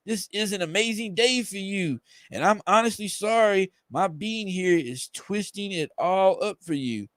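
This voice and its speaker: A menacing male villain taunts a young heroine, as a man reads his lines aloud. The voice sits a bit high for a man. The sound is dry, with no room around it. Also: unhurried, hardly any pauses, a bit bright, dry recording. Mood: taunting. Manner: reading aloud from a comic page.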